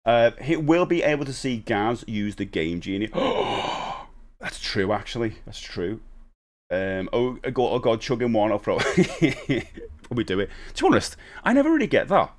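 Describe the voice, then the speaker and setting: A man's voice: mid-range voice, very animated, measured pace. Chatty man live-streaming. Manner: chatty, rambling, reads chat aloud. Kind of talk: casual live-stream chat.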